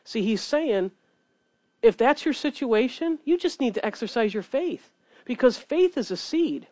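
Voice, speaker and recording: A woman preaching a sermon in an earnest, animated way, reading scripture between her points. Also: on the high side, a little slow, no echo, clean studio sound.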